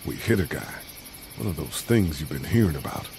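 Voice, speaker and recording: A guarded grown man in a video game, with a very deep voice that still rises and falls widely. He keeps his talk low-key and careful. Crickets are heard clearly behind the game audio. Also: expressive, brisk, very noisy, exaggerated voice. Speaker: stranger with an injured leg. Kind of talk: game voice acting.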